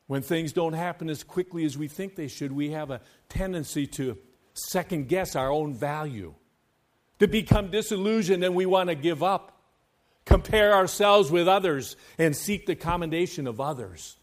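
Man, pastor, sermon, slightly high voice, fervent, hushed-to-loud swings, sing-song scripture reading. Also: moderate pace. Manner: impassioned preaching with swings between hushed and loud.

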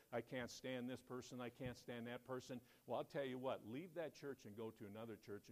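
A man preaching in church, telling a story with animated quoted lines and quieter reflective asides. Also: mid-range voice. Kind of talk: sermon storytelling.

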